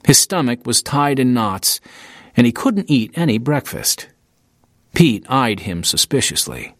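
A man reading an audiobook in steady, scripted narration into a close studio mic. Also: mid-range voice, measured pace, dry recording. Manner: steady storytelling, lively intonation.

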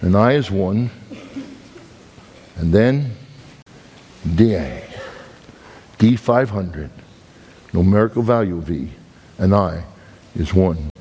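A man with a Brooklyn accent preaching a sermon, emphatic, swinging between high loud peaks and slow low words. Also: slight background noise. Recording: long hall reverb.

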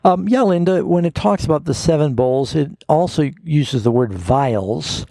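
A man's voice: a little high, expressive, measured pace, vocal fry, warm tone, no room sound. A man hosting a call-in Bible radio show as a pastor, answering callers' questions in a folksy, explanatory way and reading scripture aloud.

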